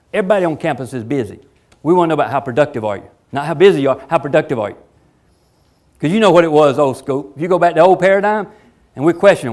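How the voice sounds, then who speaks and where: Fast-talking emphatic man. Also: fairly high pitch. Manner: emphatic, folksy, acts out quoted voices. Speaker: education speaker. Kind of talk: motivational talk to teachers.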